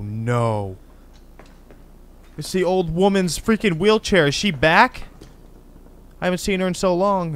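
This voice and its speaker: Hyped guy doing let's play commentary, kinda high voice, says dude a lot. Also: slight background noise. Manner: excitable, exclamatory, casual slang. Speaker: gaming channel host.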